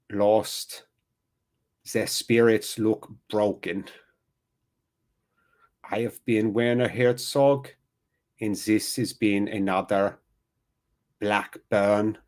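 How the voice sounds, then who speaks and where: A man's voice: on the low side, fairly even intonation, very slow, pauses often, a little mellow. A man putting on the voice of a grave, philosophical documentary narrator with a German accent, speaking in solemn, mock-tragic tones.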